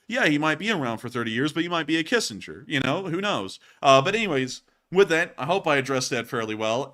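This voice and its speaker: A man's voice: mid-range voice, bright, forceful tone. A man hosting a casual war news commentary, talking straight to his viewers in an informal, joking way. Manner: chatty, joking, laughs at the footage; addresses viewers directly and informally.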